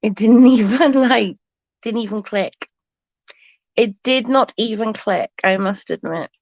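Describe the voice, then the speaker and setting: A woman's voice: a little high, unhurried, gravelly, darkish tone, no echo, dull audio. A woman chatting to viewers on a casual late-night livestream from her bed, rambling and swearing freely.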